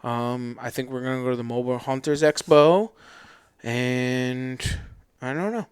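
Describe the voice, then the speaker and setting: A man chats on a podcast, rambling through stories with slangy enthusiasm. His voice is smooth and resonant at an ordinary pitch. The sound is dry, with no room echo. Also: unhurried. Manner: animated storyteller, slangy and loose. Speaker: podcast co-host. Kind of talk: casual podcast chat.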